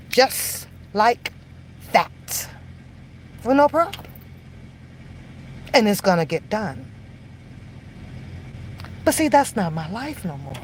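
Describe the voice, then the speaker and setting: A woman with a fairly high, animated voice delivers a heated, profane reaction rant as an online commentator. She mocks her target and stretches key phrases out slowly for emphasis, with a little hiss or hum in the audio.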